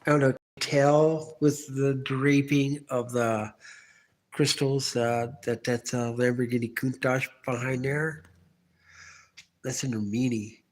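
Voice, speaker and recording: Guy rambling on a phone livestream in his garage, asks chat stuff nonstop, average pitch. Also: fairly even intonation, takes it slowly. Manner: rambling, talks to absent viewers, asks many questions. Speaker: livestream host. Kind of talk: casual solo livestream. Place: home garage. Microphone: phone camera.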